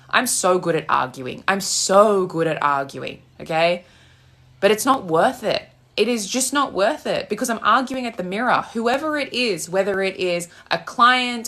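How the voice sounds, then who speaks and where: A woman's voice: mid-range voice, fairly bright tone. A young Australian woman, a manifestation coach, ranting bluntly on a live stream and swearing freely. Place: home with loud birds outside.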